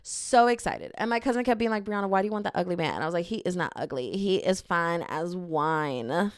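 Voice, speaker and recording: A woman's voice: on the low side, a little fast, smooth, no echo, clean studio sound. A young woman, hosting her podcast and telling a laughing, dramatic story about dating in a casual rant. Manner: animated, laughing, dramatic quoted asides. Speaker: podcast host.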